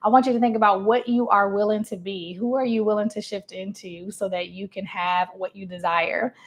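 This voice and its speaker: A woman's voice: mid-range voice, fairly even intonation, a little fast. A woman in her thirties, a life coach, speaking casually to her viewers. She acts out what her clients say and laughs often. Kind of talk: casual motivational talk to camera.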